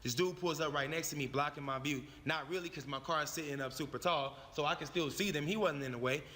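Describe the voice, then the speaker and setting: A man's voice: on the high side, fast, pushed and bright, big-room sound. A man telling a personal story in a profane, emphatic way, repeating his phrases for effect. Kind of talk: animated storytelling.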